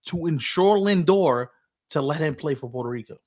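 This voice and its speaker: A man co-hosting a casual sports podcast, animated and acting out quoted people as he talks. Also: a little high, normal speed. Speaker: podcast co-host.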